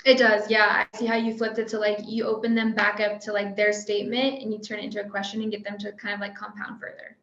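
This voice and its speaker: A woman's voice: medium pitch, completely flat delivery, quick pace, hardly any pauses, fairly bright tone. A woman taking part as a trainee on a video call, answering tentatively and thinking aloud. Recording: dull, roomy call audio.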